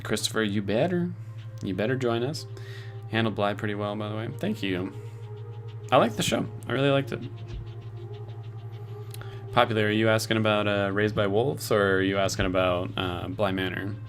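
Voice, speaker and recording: A man streaming from home reads his chat and talks with viewers in a laid-back way, swearing now and then, his voice run through a robotic filter. It's fairly low-pitched at a moderate pace, with long pauses and faint music in the background.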